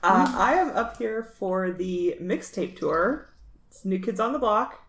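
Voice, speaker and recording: A woman guest chatting casually, relaxed and quick to laugh, recorded in a friend's apartment. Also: mid-range voice, slight background noise. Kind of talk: casual chat. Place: small apartment room. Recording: echoey room.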